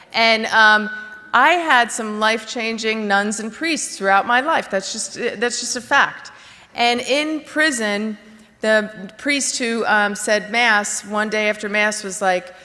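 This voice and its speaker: A woman from Florida giving a candid personal testimony to a conference crowd, full of fillers, restarts and lively acted-out quotes. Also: medium pitch. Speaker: recovery speaker. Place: large conference hall. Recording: long hall reverb.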